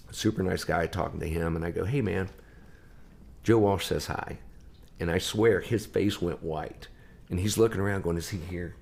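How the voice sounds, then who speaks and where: Low, gravelly-voiced man telling stories. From Ohio. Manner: lively storyteller acting out quoted voices. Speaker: guest musician. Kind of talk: anecdotal storytelling in conversation.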